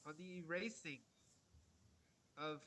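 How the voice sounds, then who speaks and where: A man giving an online art lecture over a video call, halting with many fillers and restarts. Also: on the high side, pushed and bright, poor audio. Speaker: guest lecturer on African art.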